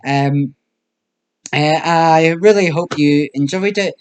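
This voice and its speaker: A man's voice: on the high side, slow, smooth. A young British man delivering a wry, self-deprecating stand-up comedy monologue.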